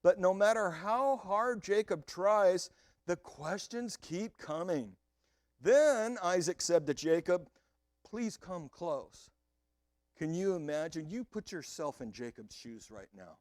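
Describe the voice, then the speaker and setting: A male pastor delivering an animated sermon and talking straight to his congregation. His voice rises and falls a great deal, and he takes his time with each phrase. The recording is dry, with little room sound. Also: high voice, measured pace, no echo.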